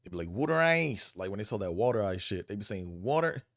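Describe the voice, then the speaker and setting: Man host from Buffalo, Buffalo accent, low-pitched, rambling profane monologue, dry close sound. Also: expressive, fast, no echo. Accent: Buffalo, New York. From Buffalo, New York. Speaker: vlog host. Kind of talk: casual monologue.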